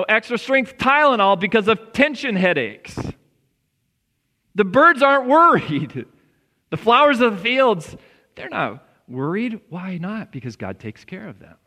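A man's voice: high-pitched, sharp tone. A man preaching a sermon as pastor, in an earnest, conversational way that swells with emphasis. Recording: long reverb of a church hall.

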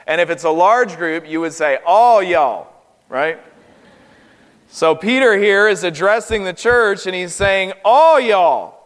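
A man from North Carolina with a Southern US accent, preaching a sermon as a guest preacher in an earnest, emphatic, deliberate way. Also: high voice, fairly bright tone, smooth. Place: church sanctuary. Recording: long hall reverb.

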